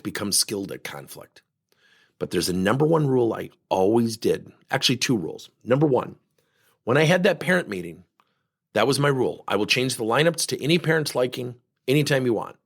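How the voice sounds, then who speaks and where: A middle-aged man giving a motivational talk as a former coach, telling stories in an animated way and acting out the people in them. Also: mid-range voice, creaky, slightly rough. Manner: animated storytelling, acting out quotes.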